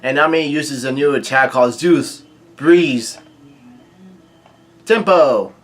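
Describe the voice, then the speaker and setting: A man casually recapping a comic chapter, reading out the dialogue in a halting way full of fillers and restarts, with quick asides. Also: mid-range voice. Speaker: manga reaction host.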